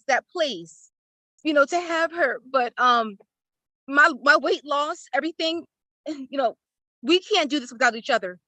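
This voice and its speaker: A woman in an online class speaks a little slowly in a high, pushed and bright voice, offering a tearful, effusive testimony of thanks. She's on a laptop or phone video call, and the audio is rough but has no echo.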